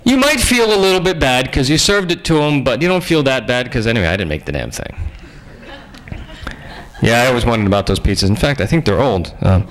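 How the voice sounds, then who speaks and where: A man giving a humorous sermon-style lecture in a conversational, joking way with lively asides. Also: mid-range voice, fairly quick, rough recording.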